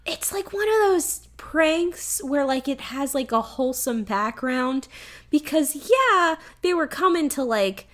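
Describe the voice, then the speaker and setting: A woman's voice: sits high, animated, a little slow, fairly bright tone. A woman co-hosting a casual chat, animatedly recapping a movie with lots of swearing and "like" fillers.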